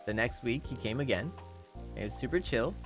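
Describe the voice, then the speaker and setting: Rambling young man with lively pitch. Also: brisk, soft background music. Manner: rambling, full of "you know" and restarts; laughs often while telling. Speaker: streamer. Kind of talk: casual storytelling chat.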